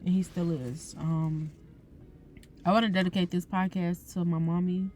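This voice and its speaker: A young woman hosting a podcast, speaking tearfully and haltingly in an emotional personal reflection. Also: on the low side, little pitch movement. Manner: tearful, soft-spoken, halting with fillers. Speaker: podcast host.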